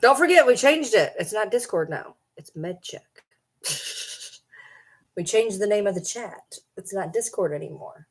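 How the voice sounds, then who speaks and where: A woman's voice: medium pitch, lively intonation, measured pace, husky. A middle-aged woman hosting a casual livestream, chatting loosely with viewers, swearing casually and baby-talking to her pets. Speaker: livestream host.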